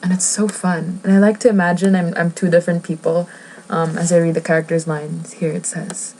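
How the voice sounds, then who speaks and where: Giggly, rambling woman vlogger with a lowish voice. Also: level tone, fairly quick, a little mellow, low-quality recording. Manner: rambling, giggly, self-interrupting. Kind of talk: casual chat while reading a book aloud.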